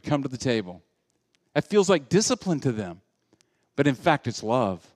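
A male pastor preaching a sermon, moving between loud, animated passages and hushed, intimate ones. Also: medium pitch, normal speed, long pauses, dry recording.

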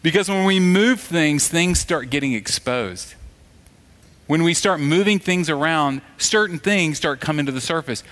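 A man's voice: fairly high pitch, lively intonation, a little slow, fairly bright tone. A man preaching a sermon in a conversational, storytelling way, acting out the voices of the people in his stories. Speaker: pastor.

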